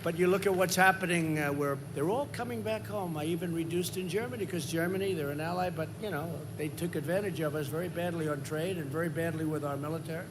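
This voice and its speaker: High-pitched rambling older man at a rally. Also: quick pace, few pauses, background noise. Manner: repetitive, rambling, swings to loud emphasis. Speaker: politician at a rally. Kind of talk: campaign rally speech. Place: large campaign rally.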